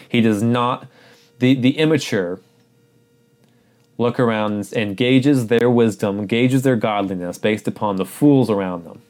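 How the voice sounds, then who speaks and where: A man's voice: on the low side, moderate pace, a little mellow. A man preaching a sermon, earnest and urgent, repeating phrases for emphasis.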